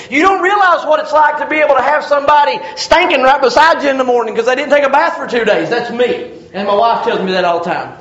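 A male pastor preaching with a strikingly high voice that swoops up and down. He jokes and acts out short voices along the way. The sound is echoey and dull, like a lo-fi recording of a room. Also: fairly bright tone. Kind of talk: sermon.

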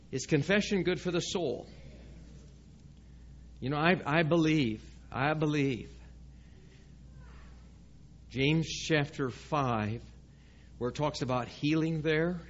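A man's voice: medium pitch, muffled recording, slight background noise. A man preaching a sermon to his congregation in a church, speaking conversationally and often asking the listeners questions. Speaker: pastor. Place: church sanctuary.

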